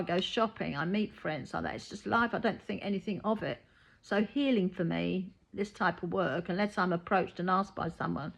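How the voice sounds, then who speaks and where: A woman talks straight to the listener in a blunt, matter-of-fact way. She is a reiki healer who drops into little quoted voices when she tells what people said to her. Her pitch sits in an ordinary middle range for a woman. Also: creaky. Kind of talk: casual spoken monologue.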